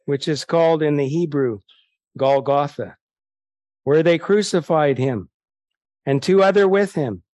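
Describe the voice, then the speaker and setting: A man's voice: on the high side, darkish tone, no echo. Earnest preacher man, dry close sound. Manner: earnest, rising to indignant rhetorical questions. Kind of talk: evangelistic sermon with Bible reading.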